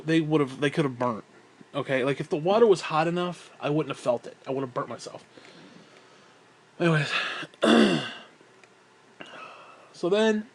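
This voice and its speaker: A slightly winded man rambles through a casual, swear-filled story, talking himself through it in asides. His voice sits a bit high for a man. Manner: profane, rambling, self-talk asides. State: out of breath.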